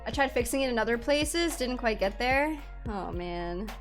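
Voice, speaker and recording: A woman's voice: on the high side, lively intonation, moderate pace. A young woman streaming a game, chatting casually with her viewers and laughing often. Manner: chatty and giggly, talking to chat. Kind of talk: casual live-stream chat while gaming. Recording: faint music in background.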